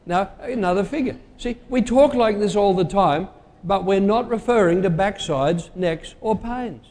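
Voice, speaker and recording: Man, preacher, sermon, slightly higher voice, chatty, quizzes the congregation, long hall reverb. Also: measured pace, a little mellow. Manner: conversational, quizzing the congregation with idioms.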